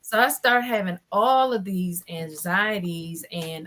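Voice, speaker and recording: A woman in her forties telling her own story as a guest in a casual panel chat. She is animated and acts out other people's lines. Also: lowish voice, takes it slowly.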